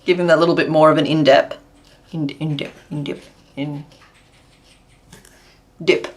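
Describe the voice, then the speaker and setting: A woman's voice: sits low, flat delivery, measured pace. A woman hosting a casual crochet livestream, chatting and making puns as she works. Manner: chatty, answers chat and makes puns while working.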